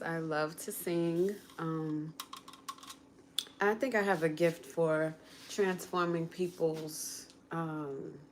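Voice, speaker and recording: A woman chatting casually on a livestream from her kitchen while cooking, coaching viewers step by step through a quick singing lesson in an encouraging way. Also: sits low, a little hiss or hum. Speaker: content creator and vocal coach.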